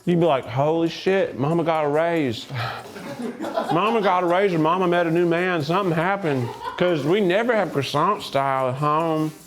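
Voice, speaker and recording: A man's voice: on the high side, moderate pace. A man from Tennessee hosting a food tasting in an office, joking and reacting playfully as he eats. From Tennessee, USA. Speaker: host.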